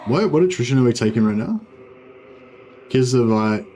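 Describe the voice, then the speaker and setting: A man's voice: mid-range voice, lively intonation, moderate pace, mellow, a little hiss or hum. A young Australian man giving rambling, laid-back commentary while streaming a strategy game, full of fillers. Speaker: gaming streamer. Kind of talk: casual livestream commentary.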